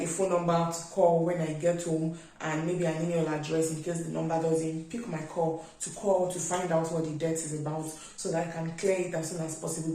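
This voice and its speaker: A young woman with a Nigerian English accent recounts her trip in a chatty, animated vlog style, leaning on filler words as she goes. Her voice sits fairly low, and she talks from some distance to the mic in a very echoey room. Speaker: vlogger. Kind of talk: casual storytelling.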